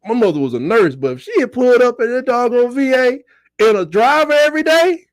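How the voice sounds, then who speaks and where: A middle-aged man hosting a casual sports livestream. He jokes and reads out chat comments, and his voice breaks into high squeals. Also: lively intonation, brisk, no room sound, studio quality.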